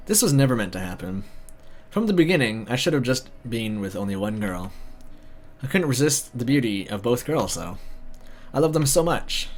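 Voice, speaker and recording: A man's voice: medium pitch, moderate pace. A man reading a visual novel story aloud, breaking in with sarcastic comments. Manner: sarcastic asides, animated. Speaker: video narrator.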